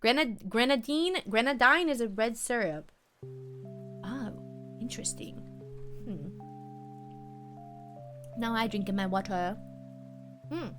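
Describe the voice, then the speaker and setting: A woman's voice: on the high side, slow, long pauses, a bit bright, soft background music. A young woman chatting casually on a live stream, giggling often and answering her viewers' messages. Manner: reads and answers chat messages.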